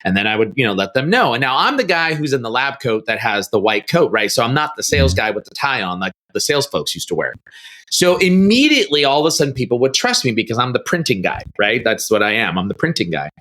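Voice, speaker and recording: A middle-aged man, a podcast guest, telling a story in a casual interview and acting out quoted dialogue with big pitch jumps. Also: big pitch swings, fast talker, bright, forceful tone.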